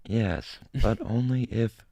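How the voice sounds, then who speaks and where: A man putting on a slow, clipped robot voice, played for laughs on a talk show. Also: lowish voice, mellow, no room sound. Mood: deadpan. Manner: stiff, clipped robotic delivery. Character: deadpan male robot, slow and flat.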